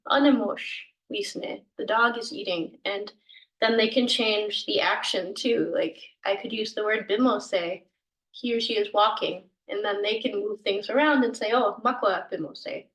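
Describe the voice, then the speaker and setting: A woman's voice: a little high, fairly bright tone, roomy sound, recorded from a distance, rough recording. A woman whose first language is English, teaching a language lesson in a patient, informal way with many ums and self-corrections.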